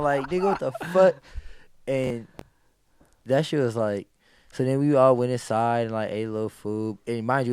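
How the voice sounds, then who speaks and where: A man's voice: medium pitch, dry recording, clean studio sound. A man, a guest on a podcast, telling stories in casual, slang-heavy talk and acting out what people said. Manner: animated, acts out quoted exclamations, heavy slang and swearing. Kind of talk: casual storytelling.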